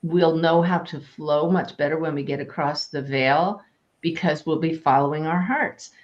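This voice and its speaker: Medium-low woman with a soft lilt. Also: moderate pace, muffled recording. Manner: warm, animated, laughs easily. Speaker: host and medium. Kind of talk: casual spiritual Q&A talk.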